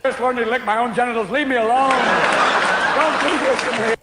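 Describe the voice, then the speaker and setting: A man doing a whiny, frightened family dog that pleads to be spared. The voice begs in a stand-up routine, recorded on an echoey stage over loud crowd laughter. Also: very high voice, fairly even intonation, a little fast, heavy background noise. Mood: pleading.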